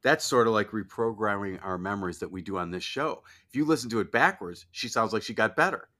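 A man speaks as a co-host in casual conversation, thoughtful and reflective. He asks searching questions. His lowish voice has a bright, forceful edge. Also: fast. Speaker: podcast co-host. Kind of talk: casual chat.

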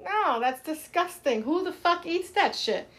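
Blunt high-voiced woman podcaster. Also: expressive, a little slow, fairly bright tone. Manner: blunt, swears freely, teasing. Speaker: podcast co-host. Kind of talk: casual chat.

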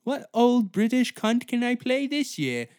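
Greedy, demanding diva actress, squeaky and high, done by a man. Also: very animated, a little slow, a little mellow, clean tone, exaggerated voice. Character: pompous famous English actress hungry for awards.

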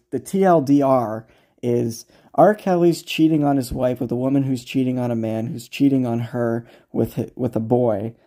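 A man's voice: medium pitch, dark tone. A man hosting a podcast, casually recapping a story in a rambling, amused way, with many restarts and some swearing. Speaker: podcast host.

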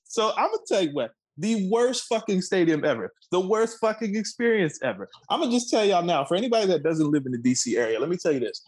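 A man's voice: sits high, big pitch swings, fast talker, few pauses, poor audio. A man in his twenties from the Washington, D.C. area, co-hosting a sports talk show with a heated, profane, emphatic rant. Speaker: co-host.

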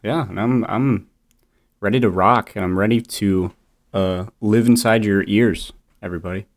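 A man's voice: fairly low pitch, moderate pace. A young man co-hosting a casual podcast with his best friend, talking in a laid-back, hesitant way with lots of fillers. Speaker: podcast co-host. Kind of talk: casual chat.

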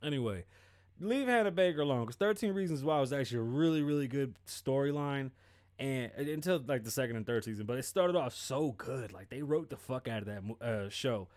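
A man's voice: mid-range voice, lively intonation, a little fast, a little mellow. A male host giving casual, profane pop-culture commentary on a livestream and acting out quoted dialogue.

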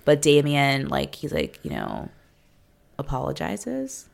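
A woman's voice: extremely low pitch, huge pitch swings, slow, vocal fry. A woman co-hosting a podcast, talking loosely and profanely with lots of "like" fillers. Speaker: podcast co-host recapping a TV series. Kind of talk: casual chat.

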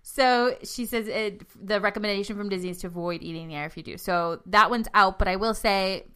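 A woman's voice: medium pitch, a little fast, a bit bright, clean tone. A middle-aged woman with a Boston accent co-hosting a casual podcast, laughing often and tripping over her words. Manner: giggly, self-teasing, stumbles over words. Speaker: podcast co-host. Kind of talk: casual chat.

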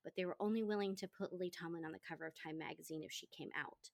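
A woman hosting a podcast, telling a story in casual chat, animated and chatty. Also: on the low side, rapid-fire, creaky. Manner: animated, chatty, quotes people in lively voices. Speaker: podcast host.

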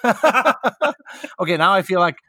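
A man's voice: high-pitched, sing-song, unhurried, sharp tone, dry recording. A man from South Dakota hosting an interview, joking and self-deprecating. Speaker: podcast host. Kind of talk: casual interview chat.

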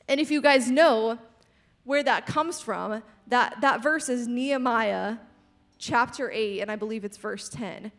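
A young woman giving a casual sermon, chatty and animated, with frequent asides to the audience and lots of "like". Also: high voice, unhurried.

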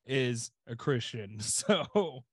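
A man's voice: mid-range voice, expressive, drawn-out words, breathy edge. Rambling casual male podcast host. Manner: rambling storyteller, many "like" fillers. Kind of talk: casual chat.

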